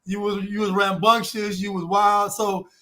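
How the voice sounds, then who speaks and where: A man's voice: sits high, flat delivery, moderate pace, pushed and bright. A man hosting a casual panel podcast, spinning a joking story with laughter and repeated starts. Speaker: podcast host.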